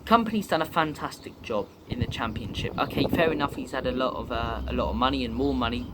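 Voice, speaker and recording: A man's voice: medium pitch, quick pace, very noisy. A young man from the UK hosting a football fan channel, giving chatty, opinionated commentary and drifting off topic at times. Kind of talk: casual fan commentary to camera.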